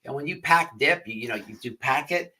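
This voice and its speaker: A podcast host with a medium-pitched, sharp-toned voice speaks animatedly and fairly quickly on a low-quality recording. He tells his livestream audience a rambling story, repeating himself and swearing often.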